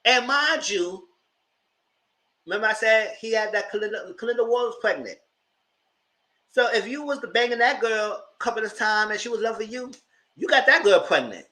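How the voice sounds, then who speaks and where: A man's voice: high voice, animated, moderate pace, long pauses, sharp tone. A man with hosting a casual live TV review, talking in slang, laughing often and acting out characters' lines. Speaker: host.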